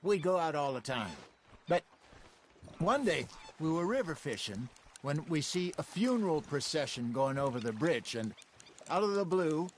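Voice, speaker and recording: A wry, seasoned outlaw swapping fishing tales in a game scene. His voice sits fairly high and swings through a lively, animated range as he tells his yarns in an easygoing drawl. Loud water ambience runs under the game audio. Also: a little hiss or hum. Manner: folksy, unhurried yarn-spinning. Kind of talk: video game voice acting.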